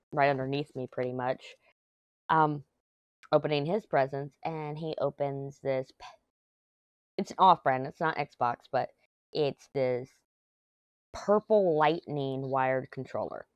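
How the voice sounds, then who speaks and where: Mom rambling family stories over a craft project at home, low voice, dry close sound. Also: female voice, dry recording. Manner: rambling family storytelling, chatty asides. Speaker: craft vlogger. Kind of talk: casual chat while crafting.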